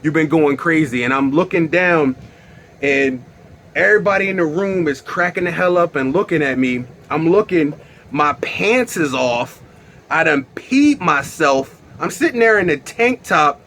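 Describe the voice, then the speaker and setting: A young man telling a wild story on his vlog in a casual, animated way, swearing and bursting into loud exclaims. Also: fairly high pitch, unhurried, a little hiss or hum. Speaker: vlogger.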